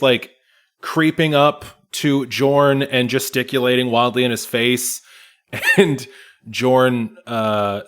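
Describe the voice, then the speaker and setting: Relaxed male game master, slow and halting as he narrates. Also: medium pitch, smooth. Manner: relaxed, hesitant narration with fillers.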